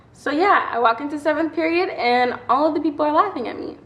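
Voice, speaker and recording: A young woman telling a personal story in a casual vlog, chatty and animated, acting out quotes and laughing often. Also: high-pitched, moderate pace, vocal fry. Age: young adult. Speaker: vlogger. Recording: echoey room.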